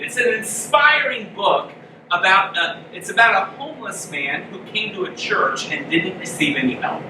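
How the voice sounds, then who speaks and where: A man preaching a sermon as a pastor, telling the story with lively acted-out voices for the characters. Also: high-pitched. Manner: animated storytelling, acting out the characters' lines. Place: church hall. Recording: echoey room, mic from a distance, noisy.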